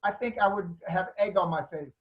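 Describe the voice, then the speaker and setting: A man's voice: sits high, brisk, lo-fi sound. A man with a Southern accent, speaking animatedly as a panelist on a video call. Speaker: panelist, martial arts actor. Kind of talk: casual panel talk.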